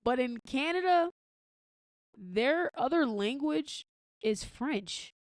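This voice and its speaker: A woman's voice: high-pitched, expressive, takes it slowly, no echo. An American woman hosting a podcast, giving blunt, profane commentary in a casual, opinionated way with frequent restarts. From United States. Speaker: podcast host.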